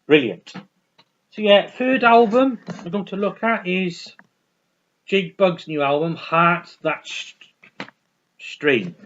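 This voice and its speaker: A man's voice: high voice, slow, long pauses, fairly bright tone, a little hiss or hum. A man chatting casually about his records, enthusiastic and rambling, often repeating himself. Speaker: vinyl collector vlogger. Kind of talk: casual record review chat. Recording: dull lo-fi recording.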